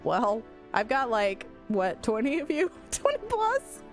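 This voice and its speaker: A young adult woman streamer telling a story in a casual, animated way while playing a game. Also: on the high side, a little slow, faint music behind. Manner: animated, swearing, laughing storyteller.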